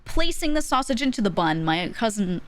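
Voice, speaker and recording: A young woman streamer telling a story in a casual, animated way, often laughing and acting out the people she quotes. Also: medium pitch, fairly quick.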